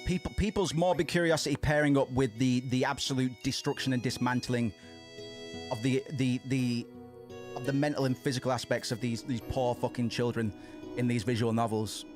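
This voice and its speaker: A man streaming a game and chatting loosely over it at a middle pitch. He rambles, restarts his sentences and swears casually, with faint music behind him. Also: fairly even intonation, moderate pace. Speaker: gaming streamer. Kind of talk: casual let's-play commentary.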